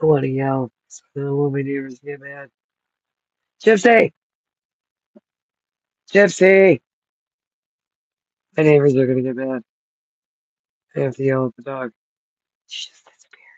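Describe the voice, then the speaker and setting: A man's voice: medium pitch, completely flat delivery, brisk, mellow, dry recording, muffled recording. A man in his thirties vlogging outdoors on a cold, rainy night, rambling and swearing freely as he thinks aloud. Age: 30s. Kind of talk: rambling casual vlog talk.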